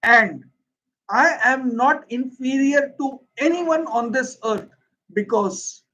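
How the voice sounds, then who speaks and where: Speaking slowly in a very high, sharp-toned voice, a Hindi-speaking man with an Indian accent teaches English on a livestream, answering viewers' questions earnestly and emphatically. The highs in the audio are cut off.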